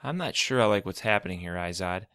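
A man's voice: sits low, animated, quick pace, a bit bright, smooth, dry recording, clean studio sound. A man voicing a frightened, distrustful boy in a storybook reading, with an anxious, pleading way of talking. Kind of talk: storybook narration.

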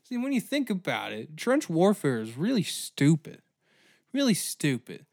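A man hosting a comedy history podcast, ranting in a profane, animated way. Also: fairly high pitch, measured pace, no echo, studio quality. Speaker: podcast host.

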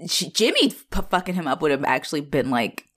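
A woman's voice: sits low, very animated, brisk, a bit bright. A woman co-hosting a casual rewatch podcast, talking bluntly and animatedly and laughing often. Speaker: podcast co-host.

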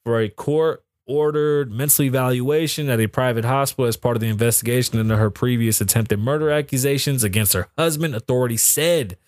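A man's voice: medium pitch, a little fast, hardly any pauses, darkish tone, no echo. A man hosting a podcast, chatting casually with lots of swearing and rambling asides, laughing at odd news stories. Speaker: podcast host. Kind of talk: casual profane commentary.

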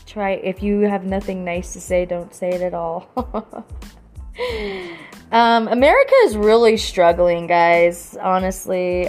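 A woman's voice: mid-range voice, darkish tone. A young adult woman in a casual, rambling monologue, earnest and heavy on "you know" fillers.

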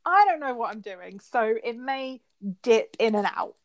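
A woman's voice: fairly high pitch, lively intonation, a little slow. A married woman from England co-hosting a podcast over a call, rambling and self-deprecating as she chats. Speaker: podcast co-host. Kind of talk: casual chat. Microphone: remote call.

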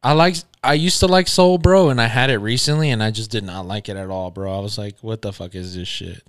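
A man's voice: lowish voice, brisk, fairly bright tone, clean tone, no room sound, studio quality. A man in his mid-twenties, co-hosting a podcast in casual chat, laid-back and swearing freely in slang. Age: 20s. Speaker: podcast co-host.

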